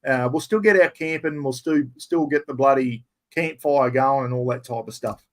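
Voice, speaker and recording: A man's voice: medium pitch, normal speed. An older Australian man answering viewers' chat questions on a live stream, blunt and blokey, swearing casually and calling everyone mate.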